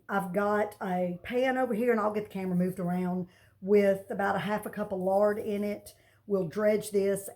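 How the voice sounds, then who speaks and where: A woman's voice: mid-range voice, a little mellow. A middle-aged woman, hosting a casual cooking demonstration in a chatty, folksy way with rambling asides. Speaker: cooking channel host.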